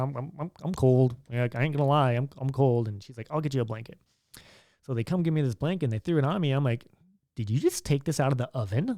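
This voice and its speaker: Young guy chatting through a story, doing the other people's lines, smooth resonant voice. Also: medium pitch, darkish tone, no echo, studio quality. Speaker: vlogger. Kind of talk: casual storytelling.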